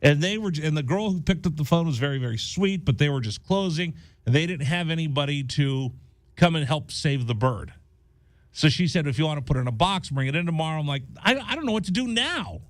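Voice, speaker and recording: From a radio studio, a male host chats casually, his fairly high voice moving a little fast. He gets animated and acts out the characters in his story. The recording is studio quality, free of room sound.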